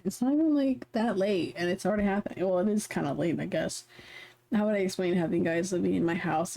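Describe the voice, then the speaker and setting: A young adult woman streaming, chatting casually and reading game text aloud in an animated, swearing manner. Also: lowish voice. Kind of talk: casual chat while reading a visual novel aloud.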